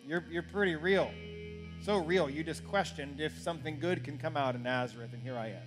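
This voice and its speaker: A man's voice: a little high, brisk, over music. A man preaching a sermon as pastor, earnest and building to urgent questions.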